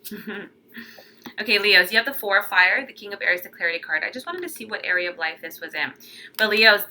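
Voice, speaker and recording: A young woman talks through a tarot forecast in a casual, chatty way. Her voice is very bright and clear at a middle pitch. She gets animated and often acts out the lines of the people she describes. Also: fast, a little hiss or hum. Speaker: tarot reader.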